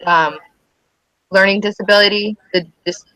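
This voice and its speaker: A woman's voice: mid-range voice, normal speed, no echo, poor audio. A woman, a mother of schoolchildren, chatting casually on a podcast and acting out quotes as she tells stories. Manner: chatty, animated storytelling with acted-out quotes. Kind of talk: casual chat.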